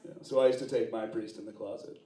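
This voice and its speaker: A man from the United States doing a live stand-up comedy set, talking loosely and profanely with quick asides to the audience. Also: lowish voice, fairly even intonation, noisy background. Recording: roomy stage sound, distant mic, audience laughing.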